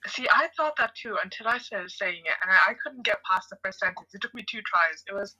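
A woman's voice: medium pitch, brisk, hardly any pauses, sharp tone, breathy edge, low-quality recording. A woman co-hosting a podcast, teasing and laughing in casual chat. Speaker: podcast co-host.

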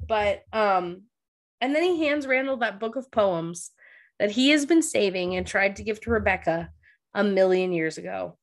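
A young adult woman co-hosts a casual recap podcast, speaking at a medium pitch and a moderate pace into a studio microphone. She's emotional and tearful, laughing through her crying.

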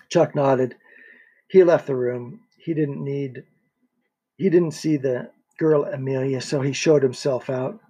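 A man narrating a thriller audiobook in a steady reading voice, with a few small restarts. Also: on the high side, unhurried, husky.

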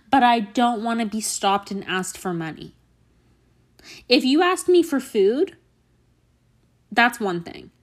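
A young woman host in a put-on mock Southern accent, telling a profane, exasperated comedic story on a solo podcast. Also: a little high. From Canada.

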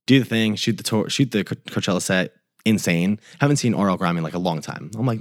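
A young man, a tour photographer on a podcast, tells a casual, swear-filled story at a brisk clip, acting out what people said. His voice is on the low side, and the recording is clean studio sound without echo.

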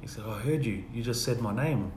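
A guest shares church testimonies in a casual chat, telling stories in a relaxed, brisk way with a medium-pitched voice. He softly acts out the dialogue of the people in his stories. The room is echoey, with a faint hum of ambient noise in the background.

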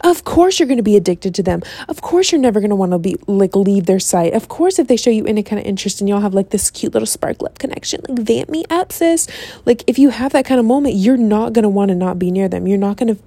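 A young woman in casual, profane chat, sassy and animated, often slipping into mock voices. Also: medium pitch, fast, no echo.

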